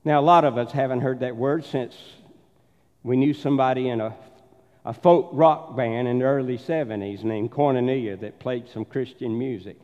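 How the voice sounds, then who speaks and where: A man's voice: medium pitch, moderate pace, darkish tone. A man with a Southern accent preaching a sermon as pastor, telling stories and doing the voices of the people in them. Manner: storytelling, acts out the voices in his anecdotes. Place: church sanctuary. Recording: dull sound with long church reverb.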